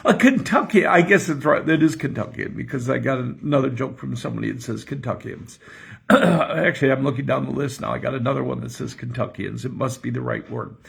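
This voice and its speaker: Older pastor guy rambling on the porch, gravelly voice, chuckles a lot. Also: medium pitch, a little fast. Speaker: pastor and podcast host. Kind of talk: casual morning chat and joke telling. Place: home porch.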